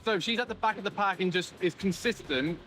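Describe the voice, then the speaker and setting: A man with a high voice explains race plans plainly and matter-of-factly. Clear music plays underneath him. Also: fairly quick, fairly bright tone. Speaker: racing driver. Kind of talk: casual interview clip.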